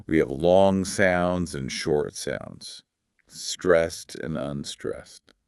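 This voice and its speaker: A man hosting a podcast, explaining English pronunciation in a calm, measured scripted teaching dialogue. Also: rumbling low, gravelly, smooth, no echo, clean studio sound.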